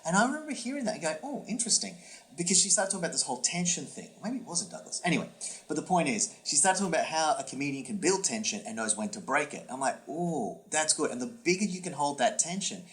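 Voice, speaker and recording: A man co-hosting a comedy podcast, telling a long story with swooping pitch, many fillers and restarts. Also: very animated, fast, a bit bright. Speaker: podcast co-host and comedy workshop instructor. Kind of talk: casual podcast chat, storytelling.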